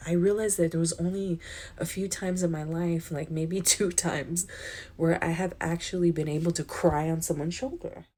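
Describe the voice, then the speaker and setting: A woman's voice: on the low side, warm tone. A young woman telling a personal story in a vlog, chatty and emotional, filling her talk with "like" and "um," and getting teary-eyed as she speaks. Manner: chatty and emotional, with many "like" and "um" fillers. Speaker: vlogger. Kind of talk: personal life-update vlog.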